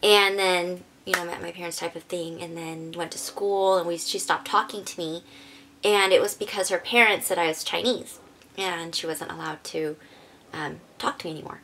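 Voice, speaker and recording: A woman's voice: on the low side, fairly even intonation, moderate pace, bright, forceful tone, slight background noise. Woman vlogger telling a personal story. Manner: casual, rambling, heavy use of "like"; earnest, emotional. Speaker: beauty vlogger.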